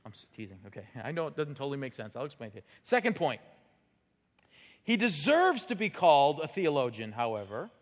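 A male pastor preaches to his congregation in a loose, conversational style, throwing in the odd light tease. His voice sits a bit high and moves up and down a lot. A long reverb trails off the walls of the sanctuary behind him. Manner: conversational, teasing, lively emphasis. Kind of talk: sermon. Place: church sanctuary. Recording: church hall with long reverb.

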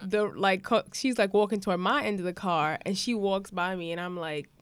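A young woman co-hosting a casual podcast, telling an animated story and acting out the people in it. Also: mid-range voice, brisk, clean tone, dry recording. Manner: animated, imitates people in her stories, swears casually. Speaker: podcast co-host.

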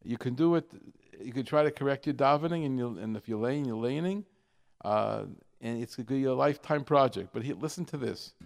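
Gravelly-voiced man hosting a radio talk show. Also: mid-range voice. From New York. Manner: explanatory, halting with fillers, drawing out example words slowly.

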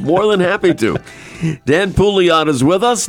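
A man's voice: high voice, expressive, a little slow, soft background music. A man hosting a talk radio interview, chatty and enthusiastic with his guest. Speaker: radio host.

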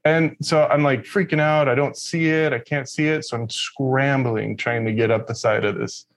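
A man's voice: mid-range voice, steady tone, moderate pace. A man from Texas telling a story in casual conversation, rambling and profane, with lots of fillers.

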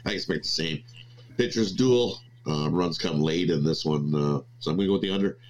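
A man giving sports betting picks quickly, with many filler words. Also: extremely low pitch. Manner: rapid, many filler uhs. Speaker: podcast co-host.

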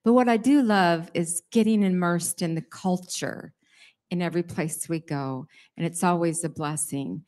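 A middle-aged woman giving a chatty church testimony to the congregation, with some fillers and lively emphasis. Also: on the low side, normal speed. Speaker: pastor's wife sharing a report.

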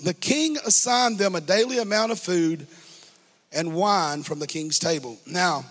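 A man's voice: sits high, fairly bright tone. A man preaching a sermon to a congregation, building fervor and speaking straight to the listeners. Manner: preaching with rising fervor, call-and-response asides. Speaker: pastor. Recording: reverberant hall.

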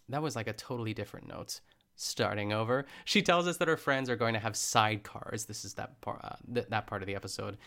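A man's voice: mid-range voice, fairly bright tone. A young man casually recapping a cooking show, rambling and correcting himself with lots of fillers. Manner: rambling, chatty, self-correcting with frequent fillers. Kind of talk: casual chat.

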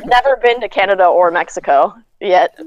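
A woman's voice: medium pitch, normal speed, highs cut off. An American woman chatting casually on a group podcast. Her tone is upbeat and teasing. A faint background noise runs under her voice. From United States. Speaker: podcast guest. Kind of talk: casual chat.

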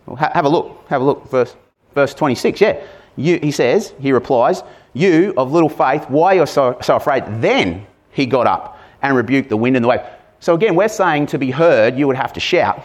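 A man preaching a sermon in a conversational way, asking his listeners questions and now and then acting out loud shouts. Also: mid-range voice, lively intonation, normal speed. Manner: conversational, asks the congregation questions; acts out shouted lines with sudden loud bursts.

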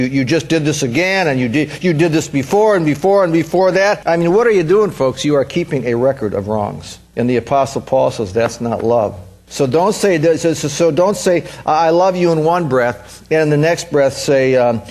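A man's voice: fairly high pitch, darkish tone. A man preaching a sermon in an earnest, emphatic way, repeating phrases for stress.

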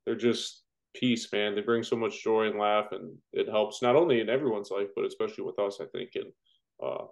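A man in his thirties, a firefighter, guesting on a podcast and telling jokey, animated stories full of acted-out quotes. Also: lowish voice, fairly quick, vocal fry, low-quality recording. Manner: joking, animated storyteller who acts out quotes. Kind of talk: casual interview chat.

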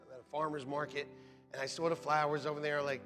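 A man pastor preaching a sermon in an animated, joking way, laughing often as he speaks to the congregation. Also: on the high side, fast talker. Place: church sanctuary. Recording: long hall reverb with faint music.

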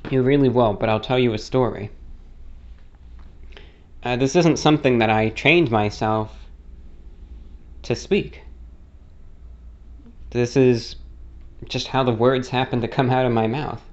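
In a muffled recording, a U.S. host with a mildly non-rhotic American accent that carries a hint of British lilt responds to a listener question. His steady, medium-pitched voice is unhurried with long pauses as he tells a rambling story, correcting himself throughout this casual monologue.

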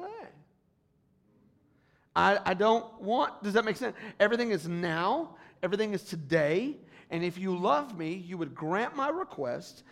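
With a high-pitched, creaky voice, this man preaches as pastor and addresses the congregation directly. He alternates between hushed asides and loud, rising appeals.

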